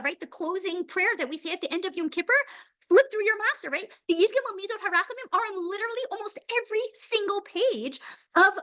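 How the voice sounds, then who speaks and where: A woman teaching a Torah class in an animated, conversational way, often asking "right?". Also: extremely high pitch.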